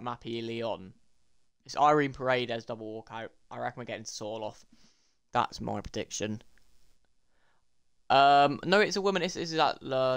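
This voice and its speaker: A young man, commentating his game pack openings in an excitable way and talking to viewers as lads and boys. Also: mid-range voice, clear, resonant tone. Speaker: gaming YouTuber.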